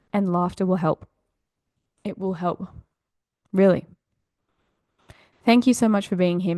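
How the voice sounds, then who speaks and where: A woman's voice: mid-range voice, a little mellow, no room sound, studio quality. A woman hosting a self-help podcast, talking in an upbeat, encouraging, chatty way. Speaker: podcast host. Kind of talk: motivational podcast monologue.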